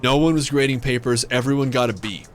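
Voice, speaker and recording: This livestream gamer host speaks fast in a mid-range voice, with a slight hiss or hum in the audio. He tells a casual, rambling story, swearing often and restarting sentences amid plenty of fillers.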